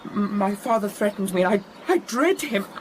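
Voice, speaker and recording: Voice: medium pitch, expressive, normal speed, a little hiss or hum, close to an everyday voice. A performer playing a sickly, timid young man in a radio drama, stammering and pleading in fear. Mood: fearful.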